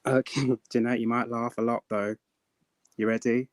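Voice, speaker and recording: A man's voice: medium pitch, little pitch movement, normal speed. A man as a guest on a live stream, chatting playfully and joking. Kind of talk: casual chat.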